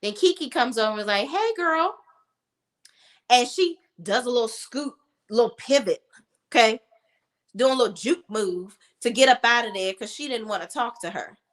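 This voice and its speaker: A woman's voice: a little high, moderate pace. Sassy woman giving profane commentary. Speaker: reality TV commentator. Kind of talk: casual commentary.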